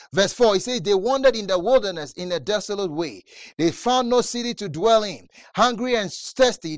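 High, lively preaching man. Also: dry recording. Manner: fervent, with rising repeated calls. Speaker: pastor. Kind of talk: sermon.

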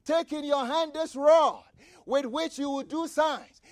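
A man preaching a fervent sermon, repeating phrases, shouting key lines and reading scripture aloud. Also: extremely high pitch, measured pace, dry recording. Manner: reads scripture aloud and comments with asides.

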